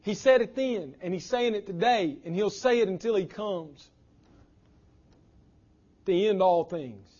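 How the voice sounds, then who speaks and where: A man preaching a sermon as pastor, impassioned, his voice swinging from loud declarations to hushed lines. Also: sits high, animated, a little slow, long pauses, muffled recording.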